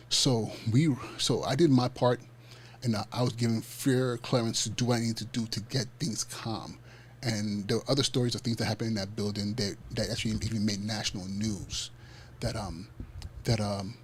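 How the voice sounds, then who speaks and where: A man hosting a podcast, telling a personal story in a casual, animated way. He restarts often and acts out the dialogue in street slang. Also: fairly low pitch, a little hiss or hum. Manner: frequent fillers and self-restarts. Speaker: podcast host.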